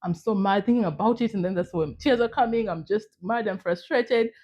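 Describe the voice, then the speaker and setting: A woman in casual group chat, telling stories with lots of "you know" and quick restarts. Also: medium pitch, dull audio. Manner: animated storyteller, acts out quoted voices.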